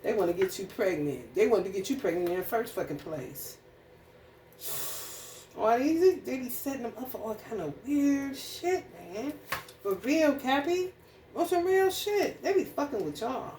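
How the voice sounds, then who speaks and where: She has a fairly high, sing-song voice with a darkish tone, speaking a little slowly. This astrology reader drifts from a casual reading into a heated, blunt, profanity-laden rant, recorded from afar in an echoey room with faint noise.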